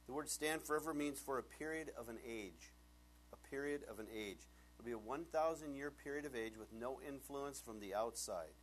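A man in his thirties preaching a sermon, animated and jokey, acting out voices as he tells stories. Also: mid-range voice, brisk, breathy edge. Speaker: pastor.

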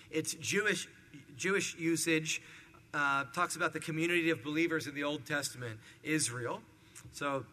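A man preaching a sermon verse by verse, with animated, acted-out retellings of the story. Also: fairly high pitch. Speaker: pastor. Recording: hall reverb.

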